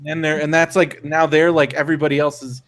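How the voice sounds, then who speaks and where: Young man, podcast co-host, slightly high voice, loose profane chatter, lots of "like". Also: flat delivery, fast talker, a bit bright. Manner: loose and profane, full of "like" and restarts. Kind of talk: casual chat.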